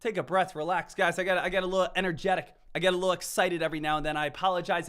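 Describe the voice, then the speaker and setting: A man streaming live stock trades, narrating the chart with repeated chants and bursts of shouting. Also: sits high, very fast, hardly any pauses, clean tone. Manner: hyped, repetitive chanting, swings from shouting to calm. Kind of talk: live trading commentary.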